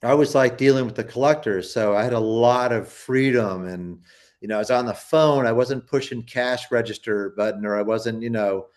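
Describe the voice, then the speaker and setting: A man's voice: medium pitch, normal speed. A man, a poster collector, telling a long story in a casual interview, rambling with many restarts and acting out quoted people.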